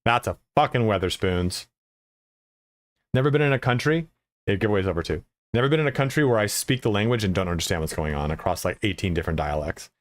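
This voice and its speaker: Low-voiced guy streaming games, swears a ton, rambles w lots of likes and ums, dry close sound. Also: expressive, fast talker, no echo. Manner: rambling, profane, lots of filler words. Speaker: game streamer. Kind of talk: casual stream chat.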